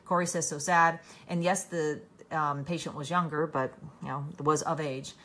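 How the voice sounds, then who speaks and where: A woman's voice: sits low, fairly even intonation, normal speed, fairly bright tone. A woman hosting a casual live stream, tired, reading out viewer comments and answering them by name with many fillers and restarts.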